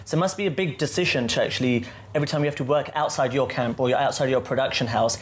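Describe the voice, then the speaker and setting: A man hosting a casual interview, chatty and eager, quick to chime in with agreement. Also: mid-range voice, slight background noise. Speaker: interviewer, show host.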